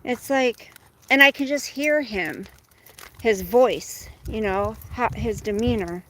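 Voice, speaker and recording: A woman's voice: a little high, takes it slowly, a bit bright, poor audio. Chatty woman venting on a walk. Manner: chatty, venting, breaks off to coax her dog. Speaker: vlogger walking her dog. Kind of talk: casual chat. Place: outdoors on a street.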